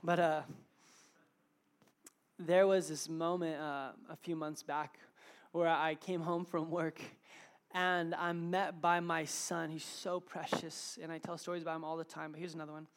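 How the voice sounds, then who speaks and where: A man's voice: on the high side, measured pace, clear, resonant tone. Casual young male preacher. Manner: casual, with filler words and animated retelling. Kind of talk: informal evening sermon.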